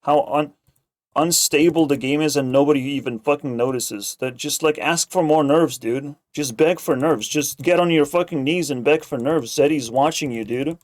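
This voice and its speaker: A man's voice: fairly high pitch, moderate pace. A man ranting sarcastically as a streamer, swearing constantly and rambling. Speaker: streamer reacting to a video. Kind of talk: casual profane rant.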